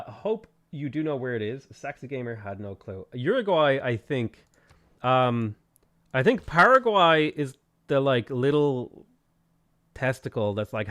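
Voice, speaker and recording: A man's voice: medium pitch, fairly bright tone. A man with an Irish accent chatting casually on a game stream, reading viewer messages aloud and answering them as he plays. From Ireland. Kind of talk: casual gaming stream chat.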